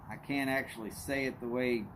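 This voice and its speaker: A man hosts a relaxed livestream, chatting with viewers and greeting each by name in a folksy drawl full of "y'all." His medium-pitched voice is steady, fairly bright, and at normal speed, with a little hiss or hum in the background.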